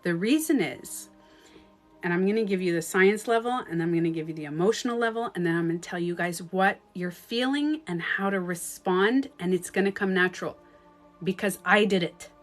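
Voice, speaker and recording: A Canadian woman coaching in a casual livestream talk, swinging into sudden loud outbursts. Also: on the low side, normal speed, soft background music. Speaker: life coach. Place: at home, streaming live. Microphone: phone.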